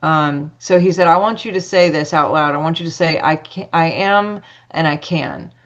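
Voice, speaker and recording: A woman's voice: sits low, moderate pace, dull audio. A woman telling a personal story as a podcast guest, chatty, acting out dialogue with lots of fillers.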